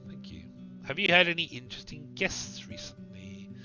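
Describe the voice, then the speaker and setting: A wry, chatty man reads a text game aloud on a live stream and jokes between passages. His voice is very bright and rises and falls in a lively way. The stream audio sounds a little dull, with soft music underneath. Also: mid-range voice, measured pace.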